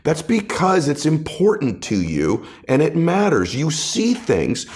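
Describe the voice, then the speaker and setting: A man's voice: on the high side, wildly swooping pitch, a little slow, a little mellow. A man speaking as a guest author in an interview, giving impassioned motivational talk that builds with repeated, rising phrases.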